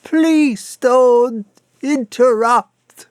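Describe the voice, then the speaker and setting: A man's voice: very high voice, extremely slow, a little mellow, dry recording, studio quality, pitched above the performer's own voice, full character voice. A man voicing a flustered, indignant male vicar in an audiobook, with a curious jerking intonation.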